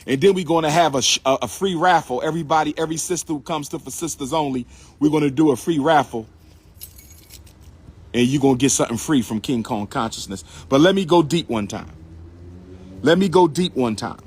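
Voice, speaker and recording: A man's voice: fairly high pitch, brisk, breathy edge. A man hosting a live stream, lecturing his viewers in a preachy, repetitive way and calling on them to respond. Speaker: livestream host and lecturer.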